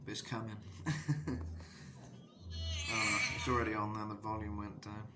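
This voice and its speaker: With loud music behind him, a man acting as a coach gives a casual vocal analysis lesson. His voice is fairly low and his pace measured, though he rambles with plenty of fillers and breaks into sung demonstrations over steady background noise.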